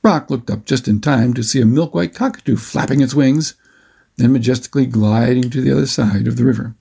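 A man narrating a children's adventure story with a steady, expressive reading. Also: mid-range voice, brisk, gravelly, breathy edge.

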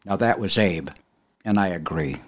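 Male talk radio host, sardonic monologue, pitch rising and falling a lot. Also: animated, normal speed. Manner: wry, sardonic, reads quotes aloud with dry asides. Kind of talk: conversational political commentary monologue.

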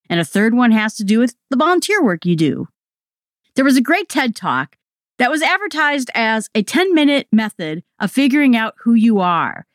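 Lively, expressive woman podcaster. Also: fairly high pitch, no echo, studio quality. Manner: conversational, expressive, with lively emphasis. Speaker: podcast host. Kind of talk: solo podcast talk.

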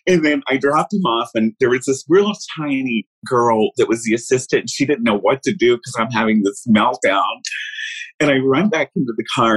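A man's voice: mid-range voice, normal speed, husky, poor audio. A man, a guest, telling a personal story casually, rambling with restarts and frequent laughter.

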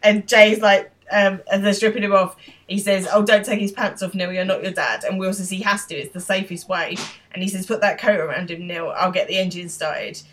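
A woman co-hosting a podcast, giving a casual, animated recap of a TV episode and laughing often. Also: mid-range voice, fairly quick. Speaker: podcast co-host.

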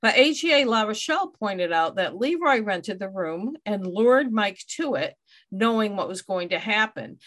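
A woman's voice: mid-range voice, lively intonation, moderate pace, fairly bright tone. A woman hosting a true crime podcast, reading out case details and adding wry asides. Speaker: podcast host.

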